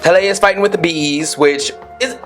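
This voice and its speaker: A talkative man with a slightly high voice runs through a TV episode in casual commentary, animated and full of asides. Soft music plays faintly underneath. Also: normal speed. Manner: chatty, expressive, acts out characters' lines. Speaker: show recap YouTuber.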